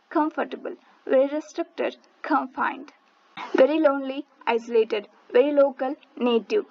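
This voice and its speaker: Woman teacher, high voice, steady list-reading cadence, muffled lo-fi sound. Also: gravelly. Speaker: English vocabulary teacher. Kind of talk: reading word lists.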